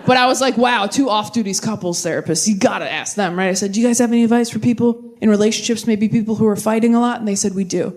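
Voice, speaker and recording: A young woman performing a stand-up comedy set, animated and quick to jump into high-pitched character voices. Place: comedy club stage with audience laughter.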